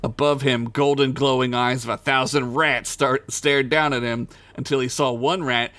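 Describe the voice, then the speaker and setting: A man's voice: mid-range voice, steady tone, normal speed, fairly bright tone, no room sound. A man reading his own crude comic story aloud for a podcast, giggling at his jokes and tripping over made-up names. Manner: stumbles over invented names.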